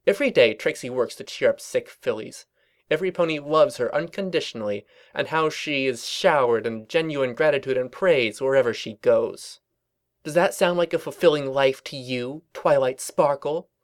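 A man's voice: medium pitch, normal speed, close to an everyday voice. A man voicing an arrogant, boastful female unicorn pony who snaps insults and talks about herself in the third person. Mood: sneering.

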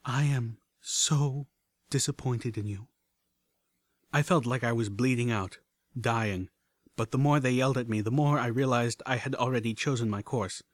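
A man narrates a storybook audiobook in a steady, measured way. His voice sits at middle pitch, dry and close to the mic. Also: dry recording.

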